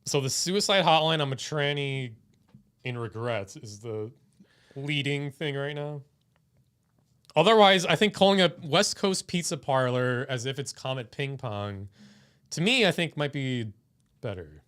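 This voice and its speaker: A man co-hosting a live stream, chatting in a laid-back way and thinking out loud. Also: mid-range voice, animated, unhurried, smooth. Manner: laid-back, laughs often, thinks aloud. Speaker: stream co-host. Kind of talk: casual live-stream chat.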